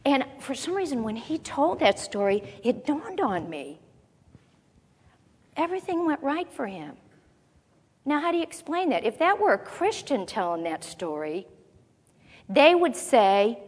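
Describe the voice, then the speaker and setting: A woman's voice: high voice, very animated, measured pace, long pauses, breathy edge, long reverb tail. A woman giving a chatty Bible teaching, asking her listeners rhetorical questions as she goes.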